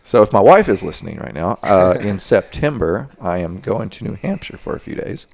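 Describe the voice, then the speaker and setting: An American man hosts a podcast with a very deep, gravelly voice. He talks in a relaxed, chatty way with a guest. His words come easily and casually. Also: moderate pace. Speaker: podcast host. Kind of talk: casual chat.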